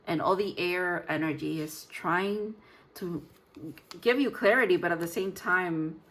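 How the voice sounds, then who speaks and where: A woman's voice: fairly low pitch, a little slow, a bit bright. A woman giving a casual pick-a-card tarot reading, thinking aloud in a chatty way, often restarting words as she reads card text and joking about herself. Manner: playful, jokes about herself. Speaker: tarot reader.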